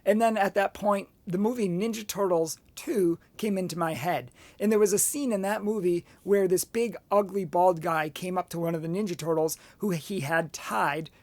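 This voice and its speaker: A man's voice: high voice, moderate pace, few pauses, no room sound. A man giving a motivational Catholic talk, telling a personal story and acting out what people said. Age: adult, past college. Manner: animated storyteller with acted-out quotes. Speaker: Catholic speaker.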